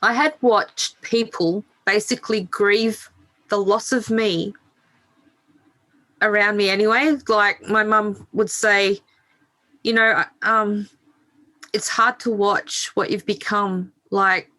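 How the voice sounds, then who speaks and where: A middle-aged woman tells her own story on a podcast with a bright, forceful edge to her voice. She speaks frankly, swears without hesitation and laughs at herself along the way. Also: medium pitch, fairly even intonation, slow pace. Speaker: podcast guest. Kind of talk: candid interview storytelling.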